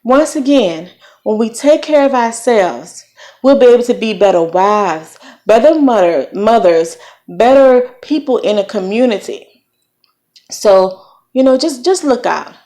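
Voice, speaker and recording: A woman's voice: on the high side, lively intonation, measured pace. A middle-aged woman from Virginia with a light Southern accent, giving encouraging, preachy parenting advice in a casual vlog. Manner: warm preachy encouragement with folksy phrasing. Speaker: vlogger.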